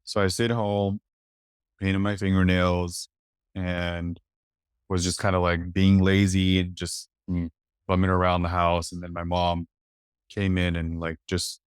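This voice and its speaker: A man from East Los Angeles, a podcast guest telling a personal story in a reflective, halting way full of "like". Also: low-pitched, level tone, smooth, no echo, clean studio sound. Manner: reflective, halting, many "like" fillers.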